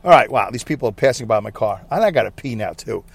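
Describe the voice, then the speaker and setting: A man's voice: lowish voice, animated, fast, vocal fry, husky, no echo. A man hosting a casual solo podcast from his parked car, rambling and poking fun at himself. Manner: rambling, self-mocking, chatty. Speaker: podcast host.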